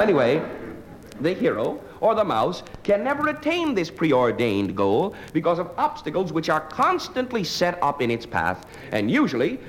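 A man's voice: mid-range voice, fairly bright tone. A man doing a live stand-up routine, with a dry, wry delivery broken by hesitant fillers. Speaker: stand-up comedian. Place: stage before a live audience. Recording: noisy live stage recording.

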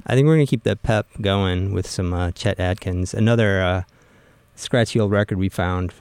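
A man's voice: deep voice, moderate pace, darkish tone, clear, resonant tone, dry recording. Dry-voiced wry male radio host. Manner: wry, joking back-announcing. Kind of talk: casual on-air chat.

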